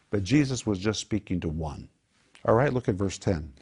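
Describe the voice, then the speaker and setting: A man preaching a sermon in an animated, emphatic way, posing rhetorical questions and answering them himself. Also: on the low side, moderate pace, husky.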